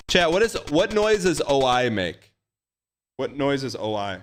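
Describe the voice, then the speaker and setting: A man's voice: mid-range voice, very animated, a little slow, faint music behind. A man hosting a live game stream, chatting casually and repeating phrases as he talks straight to his viewers. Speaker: live-streaming gamer host. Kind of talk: casual live-stream chat while gaming.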